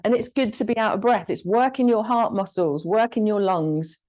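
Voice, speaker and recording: A woman instructor guiding a gentle exercise class, giving encouraging cues and short counted commands. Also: medium pitch, moderate pace, few pauses, poor audio. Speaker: fitness instructor.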